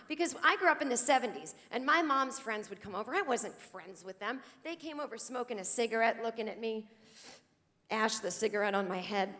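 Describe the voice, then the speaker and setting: Brief: sardonic woman stand-up, forties, fairly high voice, live hall reverb. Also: a little fast, bright, forceful tone. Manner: sardonic, acts out quoted voices. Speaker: stand-up comedian. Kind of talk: stand-up comedy routine. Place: large theater stage.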